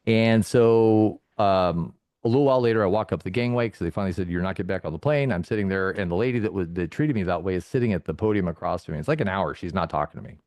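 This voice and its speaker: A low-voiced man speaking quickly as a guest, telling an anecdote with lively reenacted dialogue. The sound is close and dry, with no room around it. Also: no room sound. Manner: animated, acts out dialogue in his stories. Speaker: podcast guest. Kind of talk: casual storytelling.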